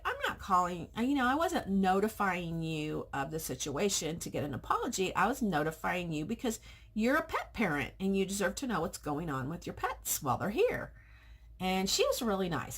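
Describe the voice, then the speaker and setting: A woman vlogger who works as a pet groomer, retelling a customer encounter in a casual, animated way and acting out both sides of the conversation. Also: on the low side. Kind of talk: casual storytelling vlog.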